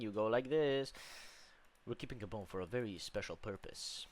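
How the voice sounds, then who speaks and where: Casual gamer man, crude and self-mocking, smooth clear voice. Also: mid-range voice, moderate pace. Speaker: gaming channel host. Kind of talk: casual gameplay commentary.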